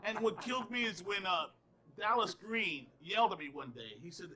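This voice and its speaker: A man's voice: sits high, animated, moderate pace, pushed and bright. A man, an umpire, telling funny stories from the field and laughing along. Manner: laughing storyteller. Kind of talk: anecdotal interview.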